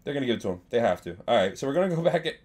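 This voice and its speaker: Excitable young man streaming a game. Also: mid-range voice, racing, breathy edge. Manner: excitable, swings from mumbling to yelling, banters with chat. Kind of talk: live gaming stream commentary.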